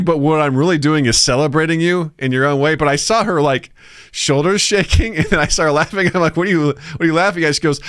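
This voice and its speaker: A man's voice: fairly high pitch, fairly quick, clear, resonant tone, dry recording, clean studio sound. A man co-hosting a podcast in casual chat, telling stories and acting out voices, laughing often. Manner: animated storyteller, acts out voices, laughs often. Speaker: podcast co-host.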